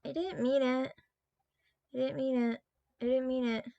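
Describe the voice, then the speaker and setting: Woman reads a nervous, stammering schoolgirl, high and pleading, dry close sound. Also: no echo, highs cut off, close to an everyday voice. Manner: pleading, halting delivery. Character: shy, anxious teenage girl who is easily shaken.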